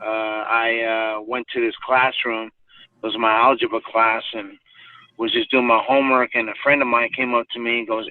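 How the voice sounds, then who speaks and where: A man's voice: medium pitch, level tone, normal speed, no echo. A man telling a personal story as a podcast guest, rambling with lots of fillers and restarts. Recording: tinny phone-like sound from far off.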